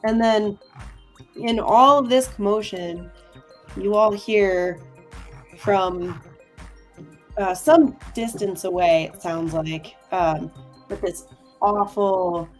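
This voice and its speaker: A woman runs a tabletop game as game master, talking slowly and hesitantly as she searches for her words and fills the gaps. Her pitch sits in a middle range, and faint music plays in the background. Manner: hesitant, many fillers.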